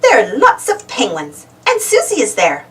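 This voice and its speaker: A woman reading a children's storybook aloud in an animated, sing-song way. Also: fairly high pitch, moderate pace. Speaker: storybook reader. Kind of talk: children's read-aloud narration. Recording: distant mic with faint noise.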